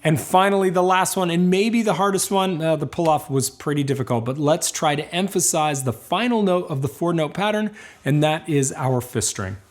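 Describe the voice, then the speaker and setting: A man teaching a banjo lesson, explaining and encouraging in a calm, clear way. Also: on the high side, normal speed, few pauses. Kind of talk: instructional lesson.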